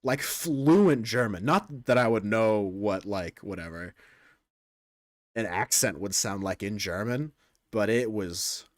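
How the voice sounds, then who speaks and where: Speaking a little slowly in a low voice, this young man talks to his stream viewers in a crude, rambling way, frequently interrupting himself to begin again. The sound is clean studio audio without room noise.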